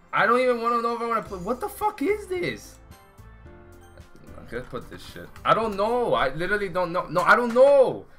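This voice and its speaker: A young man streams a game, rambling and swearing in exasperation as he talks with viewers and friends in casual live-stream commentary. His voice is a little high with a sharp tone.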